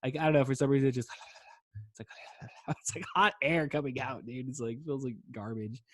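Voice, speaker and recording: A man's voice: mid-range voice, moderate pace, a bit bright, no room sound, clean studio sound. A man in his thirties hosting a podcast, rambling casually while stoned, laid-back and profane, saying "dude" all the time. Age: 30s. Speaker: podcast host.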